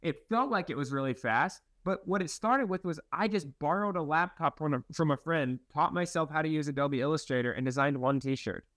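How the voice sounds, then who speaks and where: A man's voice: fairly high pitch, a little fast, few pauses, no room sound. Easygoing young man telling stories. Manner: relaxed, rambling, self-deprecating, laughs while talking. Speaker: guest. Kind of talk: casual interview storytelling.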